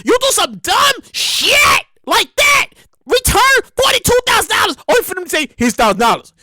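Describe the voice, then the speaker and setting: Woman hosting a podcast, high bright voice swinging all over, loud and excited, keeps repeating herself, dry close sound. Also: moderate pace, dry recording. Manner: animated, exclaiming and repeating herself. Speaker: podcast host. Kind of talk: comedic news commentary.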